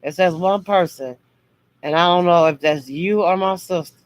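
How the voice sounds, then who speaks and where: A woman's voice: on the low side, moderate pace, poor audio. Blunt, harsh-sounding woman livestreamer. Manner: talks harshly and bluntly, as she says, but means no harm. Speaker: livestream host. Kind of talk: casual livestream chat.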